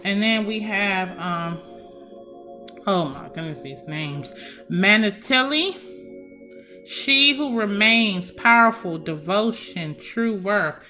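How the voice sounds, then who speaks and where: Bright-voiced woman doing a tarot reading. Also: mid-range voice, expressive, takes it slowly. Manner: warm, emphatic, addresses viewers as y'all. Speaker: tarot reader. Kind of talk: casual psychic love reading. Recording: faint background music.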